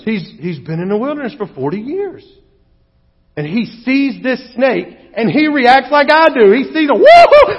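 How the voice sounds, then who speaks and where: A male pastor preaching a sermon with animated, humorous storytelling, recorded in a church hall. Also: very high-pitched. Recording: dull echoey hall recording.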